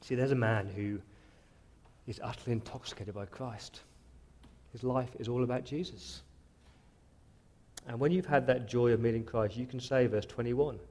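An earnest male pastor delivers a sermon at a medium pitch. He is direct and heartfelt, slipping into first-person prayers as he speaks. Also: fairly even intonation, moderate pace, pauses often, dark tone.

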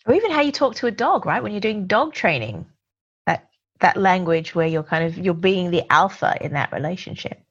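A woman's voice: lowish voice, expressive, a little fast, breathy edge, lo-fi sound. A woman co-hosting a casual chat, agreeing and adding her own examples.

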